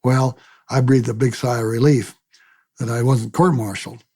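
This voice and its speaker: An older man, a retired military pilot, recounts his memories in a lively oral-history interview, acting out the voices of people he quotes and repeating words as he restarts. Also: mid-range voice, normal speed, husky.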